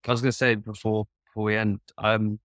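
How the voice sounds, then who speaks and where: A man's voice: fairly low pitch, level tone, a little fast, fairly bright tone, no echo, studio quality. A young man with a posh English accent, a songwriter chatting casually and telling stories in a friendly way. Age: young adult. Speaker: songwriter interviewing a guest. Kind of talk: casual chat.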